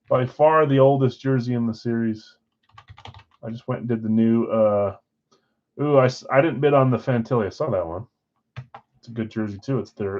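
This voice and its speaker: A man's voice: mid-range voice, lo-fi sound. A man hosting a live sports card break, casually rattling off player names and who got which spot.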